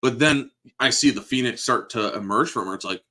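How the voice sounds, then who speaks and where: A man's voice: medium pitch, fairly quick, pushed and bright. A man in his thirties chatting casually about a movie, emotional and profane, laughing often. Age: 30s. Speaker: podcast host. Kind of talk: casual movie review chat.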